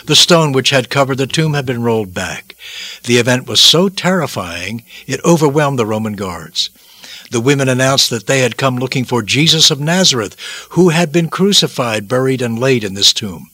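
Male preacher, husky, tense, dramatic sermon, dry recording. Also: medium pitch, expressive, moderate pace, sharp tone, no echo. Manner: dramatic, solemn delivery with repetitions and sudden swells.

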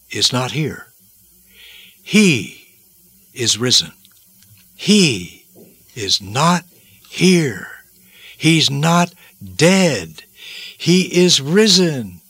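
A man voicing an angel who proclaims slowly and emphatically. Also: fairly high pitch, very animated, fairly bright tone, slightly rough, no room sound, pitched above the performer's own voice, exaggerated voice. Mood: triumphant. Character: proclaiming angel, solemn and triumphant.

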